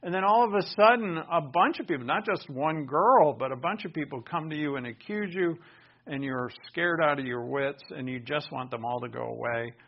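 Male pastor mid-sermon, earnest delivery punctuated by loud emphatic swells; somewhat high voice, muffled lo-fi recording. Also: moderate pace. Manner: earnest preaching with sudden loud emphatic bursts.

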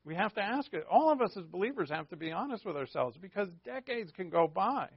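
A man's voice: high voice, very animated, brisk, slightly rough, no echo. A man preaching a conversational sermon, full of rhetorical questions and informal asides. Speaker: pastor. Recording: dull lo-fi dry recording.

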